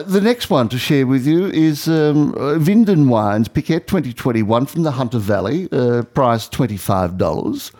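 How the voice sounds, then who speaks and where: A man's voice: medium pitch, a little mellow. A man co-hosting a casual radio chat, reading news items aloud with many fillers and restarts. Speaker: radio co-host.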